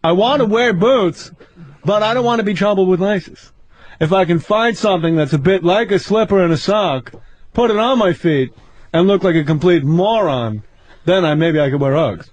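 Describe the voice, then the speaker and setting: A man's voice: sits high, lively intonation, normal speed. A man impersonating a fussy male observational stand-up comic with a whiny, exasperated delivery. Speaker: comedian guest.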